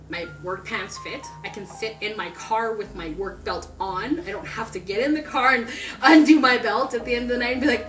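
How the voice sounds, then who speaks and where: A young woman telling her story in a casual interview, chatty and excitable, laughing often. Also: fairly high pitch, recorded from a distance. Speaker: customer giving a testimonial. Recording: roomy sound from off-mic with background music.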